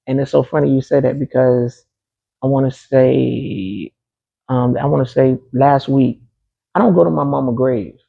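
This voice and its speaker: A man's voice: medium pitch, moderate pace, creaky, slightly rough, phone-quality sound. A man being interviewed, telling a personal story in a casual, emphatic way, often repeating key phrases. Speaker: interview guest.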